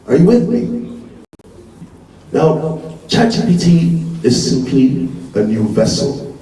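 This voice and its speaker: A man's voice: mid-range voice, slow pace, far from the mic, a little hiss or hum. Man speaking in an echoey hall. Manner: animated, rhetorical questions and repetition. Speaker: conference speaker. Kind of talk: motivational speech to a live audience. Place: large conference hall.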